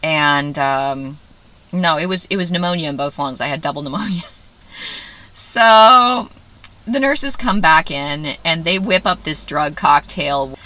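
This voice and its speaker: A woman telling a personal story in a casual vlog, animated and self-mocking, often quoting her own inner voice. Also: deep voice, takes it slowly, low-quality recording. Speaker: vlogger.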